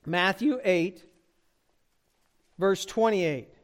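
A man preaching an expository sermon, addressing the congregation directly and rising in pitch and volume for emphasis. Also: extremely slow. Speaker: pastor.

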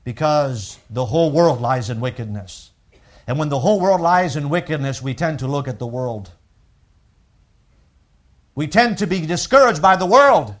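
A male preacher giving a sermon. He reads scripture slowly and preaches with rising emphasis and repetition. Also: on the high side, animated.

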